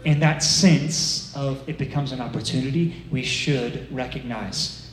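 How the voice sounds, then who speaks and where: A man giving a sermon in a conversational, animated way, often acting out the inner voices of his listeners. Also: medium pitch, unhurried, roomy sound, a little hiss or hum, poor audio. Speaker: director of a ministry, preacher.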